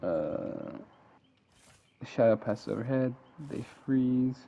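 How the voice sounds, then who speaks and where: A man narrates a game simulation in a casual read-aloud style, giving events dramatic flair and laughing at and correcting his own slips. His voice is medium-pitched, expressive, creaky and unhurried, and the lo-fi recording sounds dull with faint hiss.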